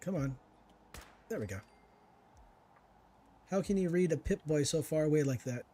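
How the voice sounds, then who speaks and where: Chatty male gamer with a lively, husky voice. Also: fairly high pitch, moderate pace. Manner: chatty, talks to himself and to enemies while playing. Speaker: gaming streamer. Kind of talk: casual let's-play commentary.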